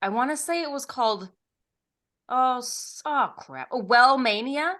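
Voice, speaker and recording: Slow-talking giggly woman, bright voice. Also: sits high, lively intonation. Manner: giggly and easygoing, teasing her co-host. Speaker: podcast co-host. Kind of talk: casual chat.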